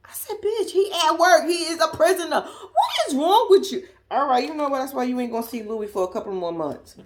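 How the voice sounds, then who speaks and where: A woman's voice: high-pitched, expressive, fast, a little hiss or hum. A woman with a Southern US accent giving a blunt, sassy, laughing casual commentary as a vlogger. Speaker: reality TV recap vlogger.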